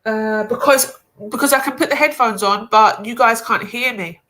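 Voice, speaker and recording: Bright-voiced chatty woman. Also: on the high side, moderate pace. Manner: chatty, animated, laughs easily. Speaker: live stream host. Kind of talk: casual chat.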